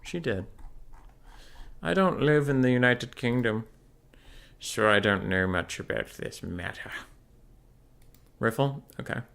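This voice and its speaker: A young man with a medium-pitched, fairly bright voice speaks at a measured pace, with vocal fry and frequent pauses. He streams and casts tournaments, here offering laid-back live game commentary while answering questions from chat.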